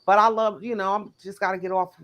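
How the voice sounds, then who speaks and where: A middle-aged woman from New Jersey with a New Jersey accent, co-hosting a casual chat in an animated, chatty way. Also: mid-range voice, fast. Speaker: co-host.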